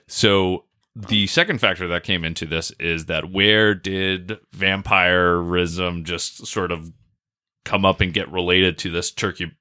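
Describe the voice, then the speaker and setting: A man's voice: sits low, steady tone, a little slow, pushed and bright. A man explaining a history topic in casual podcast chat, rambling with fillers and restarts. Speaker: podcast co-host.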